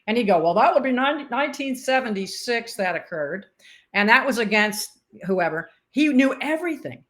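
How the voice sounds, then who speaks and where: With a mid-range voice and moderate pace, this older woman, once a sportscaster and umpire, recounts stories in an informal interview. She's an animated storyteller who voices the quoted lines.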